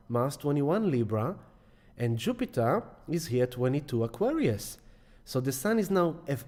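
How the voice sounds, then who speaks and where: A man hosts a casual live stream in a mid-range voice, neither high nor low. He is effusive and affectionate, warmly greeting viewers by name. His talk rambles, full of repeated words and restarts. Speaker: astrology live stream host.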